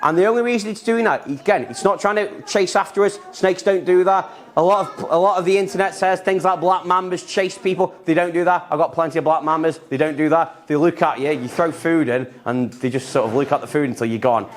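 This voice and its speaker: Excited man teaching about snakes. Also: a little high, brisk, hardly any pauses. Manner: enthusiastic, repetitive explaining with a handling demo. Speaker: reptile keeper giving an animal talk. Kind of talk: live educational talk to children. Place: indoor museum room.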